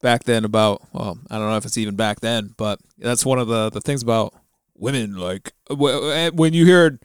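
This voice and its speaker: Man, podcast co-host, smooth resonant voice, dry sound, jokey. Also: mid-range voice, moderate pace, dry recording. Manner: joking, animated asides. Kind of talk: casual chat.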